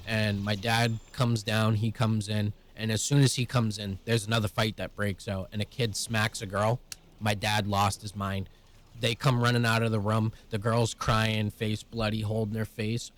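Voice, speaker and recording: A young man with a low voice recounting a story bluntly and profanely, in quick run-on phrases. A faint hum of room ambience sits underneath. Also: steady tone. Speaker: vlogger. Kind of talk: casual personal storytelling.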